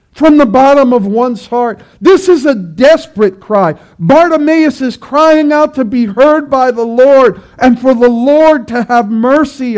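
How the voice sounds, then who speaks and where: A male pastor preaching a sermon to his church with emphatic delivery, rising to loud pleading cries. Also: extremely high pitch.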